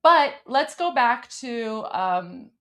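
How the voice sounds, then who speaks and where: Woman host from Iran; high, heated, repetitive rant delivery. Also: lively intonation, takes it slowly, a bit bright. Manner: impassioned, repetitive, insulting. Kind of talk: live-stream political rant.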